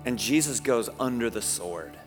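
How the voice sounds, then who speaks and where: A man preaching a sermon in a church sanctuary, animated and conversational, with rhetorical questions. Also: medium pitch, normal speed, big-room sound, over music. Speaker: pastor.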